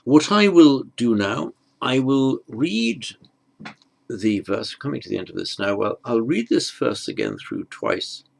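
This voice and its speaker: A man teaching Sanskrit grammar in an online lesson, explaining slowly and carefully and correcting himself as he goes. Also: mid-range voice, big pitch swings, creaky.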